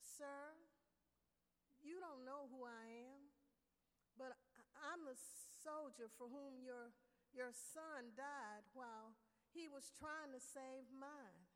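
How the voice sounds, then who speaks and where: A woman voicing a young male soldier who speaks quietly and hesitantly in a sermon story. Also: high voice, takes it slowly. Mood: humble. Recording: echoey hall.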